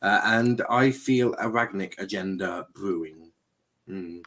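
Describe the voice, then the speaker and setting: A man's voice: low voice, takes it slowly, a bit bright. A man hosting a casual panel chat, reading out chat comments and teasing his co-host. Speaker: show host.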